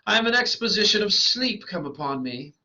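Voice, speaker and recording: A man's voice: high voice, big pitch swings, brisk, bright, forceful tone, voice pushed up, heavily acted. A man reading the part of a foolish male weaver with a donkey's head, in a boastful, bumbling manner. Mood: greedy. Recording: lo-fi dull recording.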